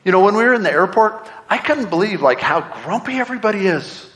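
A man's voice: high voice, expressive, fast, fairly bright tone. A middle-aged man preaching a sermon, earnest and conversational, full of repeated rhetorical questions. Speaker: pastor. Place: church sanctuary.

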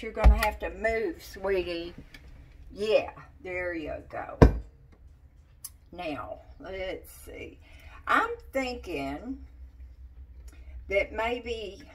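A chatty woman cooks in her home kitchen and talks straight to her viewers in a relaxed, folksy way. Her pitch moves about in a lively manner while she speaks slowly. She sits a little back from the mic, with faint noise behind her. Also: recorded from a distance. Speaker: cooking vlogger. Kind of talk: casual cooking demonstration.

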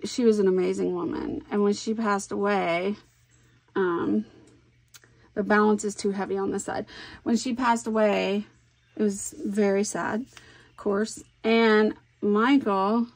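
A middle-aged woman talks unhurriedly as she crafts, thinking aloud and musing to herself. Her voice sits at a middling pitch and carries a gravelly fry. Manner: chatty, thinks aloud while working. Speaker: scrapbooking crafter. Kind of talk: casual crafting vlog talk.

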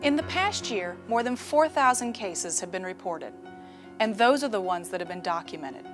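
A woman narrating an awareness message in a measured, serious manner. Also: medium pitch, animated, over music.

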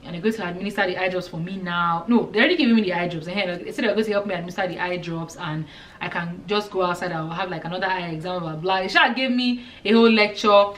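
A woman in her thirties from Nigeria with a Nigerian accent, telling a lively storytime vlog and acting out the dialogue. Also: lowish voice, fast, distant mic. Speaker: vlogger.

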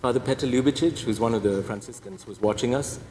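A man's voice: mid-range voice, fairly quick, darkish tone, slight background noise. A priest giving a personal testimony talk, telling his story with wry, self-deprecating humor. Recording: echoey hall reverb.

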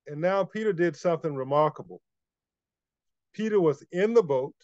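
A man preaching in a sermon, emphatic and driving home points by repetition. His voice sits a little high for a man. The recording is dry and slightly dull. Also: moderate pace, a little mellow, dry recording. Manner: emphatic, repeats key phrases.

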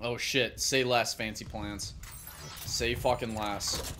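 Slow-talking, swearing male game streamer. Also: medium pitch, fairly even intonation, background noise. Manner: swears freely, chats with viewers while playing. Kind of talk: casual live gaming commentary. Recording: game music clearly behind the voice. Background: game music.

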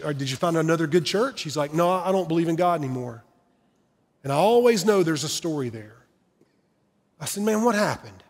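Middle-aged pastor, man, high-pitched, earnest and personal, preaching in a reverberant sanctuary. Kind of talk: sermon. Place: church sanctuary.

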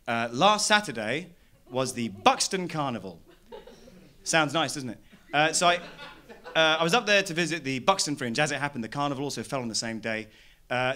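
A man from London performing a stand-up comedy set in a small arts venue, telling stories deadpan and building to loud rants. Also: mid-range voice.

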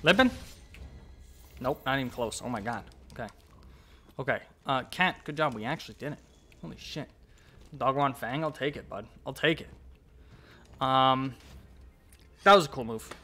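A young man giving casual let's-play commentary, swearing and talking back to the monster, with sudden yells. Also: mid-range voice, normal speed, pauses often. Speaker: gameplay commentator.

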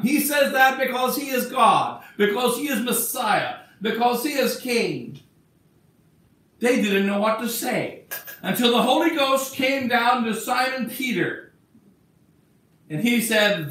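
A man's voice: very high-pitched, sharp tone. A man preaching an emphatic sermon as a bishop, acting out the words he quotes. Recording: echoey church from far off.

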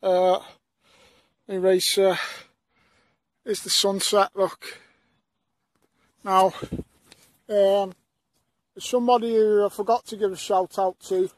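A man vlogs a metal detecting trip out in the fields, joking and bantering with his mates. His voice sits high with a level tone, and he speaks slowly with long pauses; there's no echo.

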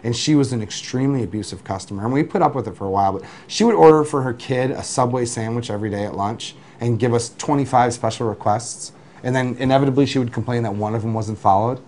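Animated man telling work stories. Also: medium pitch, a little hiss or hum. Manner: animated, with restarts and acted-out quotes. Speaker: food delivery business owner. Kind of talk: interview storytelling.

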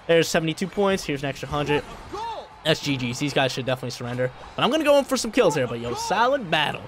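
A young man, a college student, giving live gameplay commentary in a slangy, excitable way that bursts into loud hype. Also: on the high side, quick pace, noisy background. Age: young adult. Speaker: gaming video creator.

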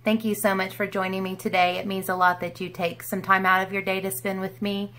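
A woman's voice: mid-range voice, little pitch movement, brisk, sharp tone. A woman chatting through a makeup tutorial in her room at home, in a bubbly, rambling way. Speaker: beauty vlogger. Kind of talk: casual makeup tutorial chat.

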